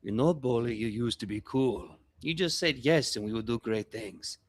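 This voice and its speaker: A man's voice: mid-range voice, moderate pace, close to an everyday voice. A man voicing a scheming, greedy male goblin gang boss who talks in a wheedling, persuasive way. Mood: resentful.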